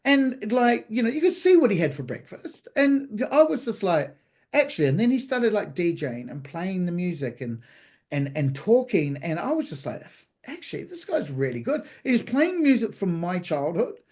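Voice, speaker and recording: A man's voice: sits high, normal speed. A man from New Zealand, a chef guest on a podcast, telling a story casually with profanity and acted-out dialogue. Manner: animated, profane, acts out quoted dialogue.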